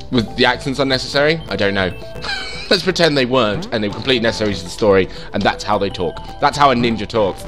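A fast-talking man hosts a gaming channel, reacting and swearing casually as he plays over soft background music. His let's play commentary is excitable and sweary, with sudden jumps in pitch.

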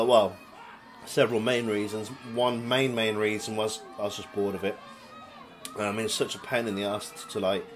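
A young man casually commentating over footage of his old wrestling matches. He chats loosely, swears freely, laughs and drifts into asides. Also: medium pitch. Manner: chatty, profane, laughs and trails off into asides.

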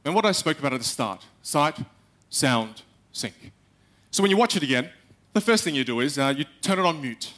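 A young man giving a live talk on stage, animated, acting out little quotes and speaking straight to the audience. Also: fairly high pitch, fairly quick, hardly any pauses. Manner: animated, acts out quotes, addresses the audience directly.

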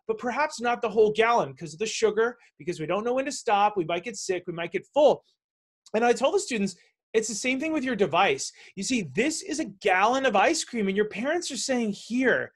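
A middle-aged man hosts a casual interview with a high-pitched voice. He tells long anecdotes with lots of energy and acts out the voices of the people in them. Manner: animated, acts out quoted voices. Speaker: show host. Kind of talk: conversational storytelling interview.

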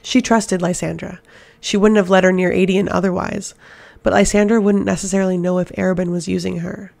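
A woman narrating a fantasy novel as an audiobook reader, in a steady, even reading voice. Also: on the low side, fairly quick, creaky.

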